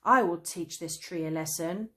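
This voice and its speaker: A woman's voice: fairly low pitch, moderate pace, sharp tone. A woman voicing a cross, tired young traveller boy who complains indignantly. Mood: annoyed.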